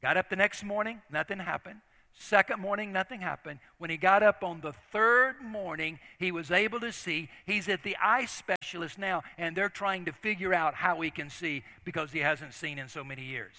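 A man's voice: high voice, normal speed, pushed and bright. An older man preaching a sermon as a story, talking in an earnest, conversational way with frequent restarts. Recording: long reverb of a large hall.

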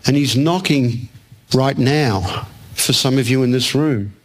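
Speaking slowly at a medium pitch, a man delivers a sermon to a room in a church hall with an audience present. He tells a personal story and performs the other people's lines.

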